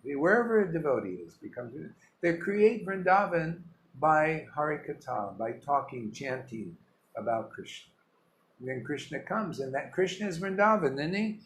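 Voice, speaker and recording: A man's voice: a little high, lively intonation, normal speed, fairly bright tone, slight background noise. A man, a spiritual teacher, giving an informal devotional talk, emphatic and rambling, full of rhetorical questions. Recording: roomy echo with faint ambience.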